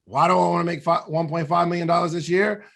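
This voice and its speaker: Gravelly man giving a motivational talk. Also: a little high, flat delivery, quick pace, fairly bright tone. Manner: earnest, reflective, laughs at himself. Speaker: podcast co-host.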